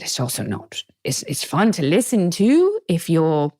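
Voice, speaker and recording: A woman from the Pacific Northwest hosting a casual chat, animated and swearing freely. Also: fairly low pitch, measured pace, no echo, clean studio sound. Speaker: podcast host.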